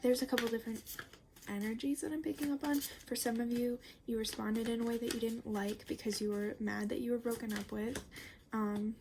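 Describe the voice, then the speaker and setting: A young woman giving a casual tarot reading, chatty and rambling, full of fillers and the odd curse word, sometimes slipping into a soft near-whisper. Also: on the high side, steady tone, brisk, gravelly, background noise. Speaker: tarot reader.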